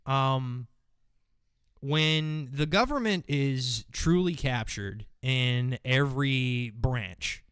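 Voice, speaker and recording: A man hosting a talk show with a smooth, resonant voice, recorded close and dry. He rambles and swears through his commentary, sliding into a mocking tone. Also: medium pitch, drawn-out words, fairly bright tone, no echo. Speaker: host. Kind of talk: casual solo commentary.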